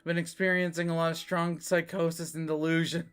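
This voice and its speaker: A woman reading aloud as a scheming adult woman, delivering wild confessions in a flat, hushed tone. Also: low-pitched, fairly quick, smooth, lightly acted. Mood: coolly scheming.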